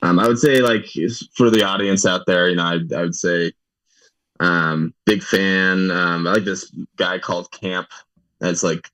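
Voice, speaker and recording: Lowish-voiced young man, hesitant. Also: fairly even intonation, a little slow, bright, forceful tone, dry recording, low-quality recording. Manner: hesitant, filler-heavy with "like" and "um". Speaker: guest. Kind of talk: casual radio chat.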